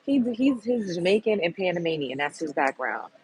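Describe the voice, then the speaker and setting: A woman's voice: fairly low pitch, big pitch swings, normal speed, darkish tone, rough recording. A woman hosting a livestream, giving a blunt, heated and profane commentary rant to her viewers. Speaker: livestream host.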